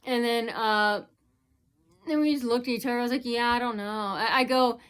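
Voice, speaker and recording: A woman's voice: a little high, moderate pace, a bit bright, clean tone. A woman vlogger rambling through an aggrieved personal account, retelling who said what with many fillers and restarts.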